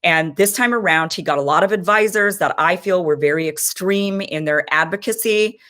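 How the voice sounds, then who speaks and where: A woman's voice: on the low side, moderate pace, fairly bright tone. A woman in her thirties giving impassioned, frustrated political commentary as host of her own show.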